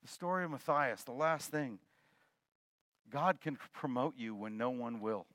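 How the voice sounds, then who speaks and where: Bright, dry-sounding joking preacher man. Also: medium pitch, animated, unhurried, dry recording. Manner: conversational and joking, swinging between loud and soft. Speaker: pastor. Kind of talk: sermon.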